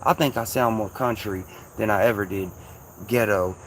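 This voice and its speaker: A man from Kentucky with a Louisville accent and a soft, slightly raspy voice, rambling casually to his viewers on a livestream in slang. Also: on the low side, normal speed, a little hiss or hum.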